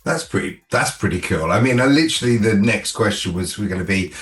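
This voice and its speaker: A man's voice: fairly low pitch, expressive, brisk, fairly bright tone, roomy sound, faint music behind. A man hosting an interview, encouraging his guest and laughing along in casual chat. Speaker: interview host.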